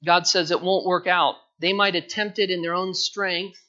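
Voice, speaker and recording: A man preaching a sermon to his congregation as their pastor, passionate, moving between loud emphasis and quiet pleading. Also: sits high, steady tone, normal speed, hardly any pauses, dull audio. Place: church sanctuary.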